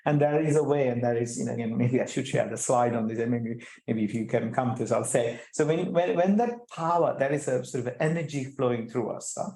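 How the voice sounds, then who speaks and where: A middle-aged man speaking as a guest, animated, often restarting and repeating words and putting rhetorical questions to the audience. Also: mid-range voice, fairly quick, gravelly, few pauses. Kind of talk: conversational talk at an online chapter event. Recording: echoey room sound.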